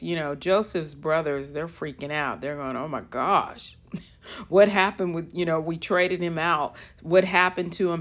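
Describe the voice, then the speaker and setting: A woman with a fairly low voice leads a relaxed Bible study. She reads passages aloud with lively emphasis and then chats through what they mean. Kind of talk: casual Bible study teaching.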